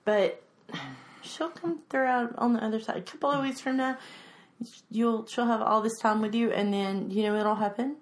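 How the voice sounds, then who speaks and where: A woman in her forties in a casual chat, telling expressive stories about her family and quoting what they said. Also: a little high, normal speed. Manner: expressive storyteller, quotes family.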